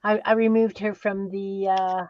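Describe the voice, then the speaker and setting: A middle-aged woman hosting an art live stream, chatting in an easygoing way and thinking out loud. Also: mid-range voice, level tone, measured pace, dry recording. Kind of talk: casual chat. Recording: dull, dry online stream audio.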